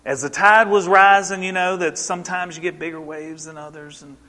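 A man in his forties preaches with a bright, forceful, fairly high voice. He tells a story in an animated way and puts questions to the congregation. A long reverb from a large church hall trails each phrase. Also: a little fast. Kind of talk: sermon.

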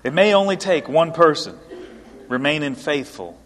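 A man's voice: on the high side, big pitch swings, normal speed, fairly bright tone, a little hiss or hum. A male pastor preaching an earnest, emphatic sermon to his congregation in a church. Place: church sanctuary. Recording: long hall reverb.

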